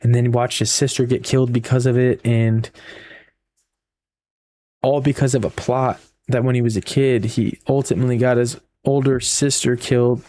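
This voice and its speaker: A man's voice: mid-range voice, flat delivery, moderate pace, mellow. A man giving a casual spoken book review, retelling the plot in a rambling way with frequent repeats and fillers.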